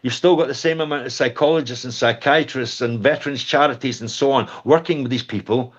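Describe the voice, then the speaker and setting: A man's voice: medium pitch, brisk, dull audio. A man in his sixties, a war veteran guest close to tears, speaking with passion about lost comrades. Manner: impassioned, choked up, dwelling on lost comrades. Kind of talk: emotional interview.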